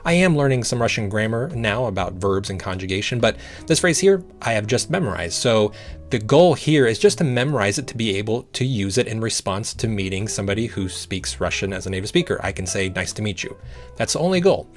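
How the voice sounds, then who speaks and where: A man teaching a language-learning method, patient and encouraging, slowly repeating sounds to show how it works. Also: on the low side, lively intonation, soft background music. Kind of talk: explaining a study method.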